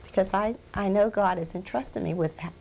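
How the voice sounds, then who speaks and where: A woman's voice: medium pitch, fairly quick, gravelly, darkish tone. A woman guest in an interview, telling a personal testimony with strong feeling and repeating phrases for emphasis. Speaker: interview guest, ministry founder.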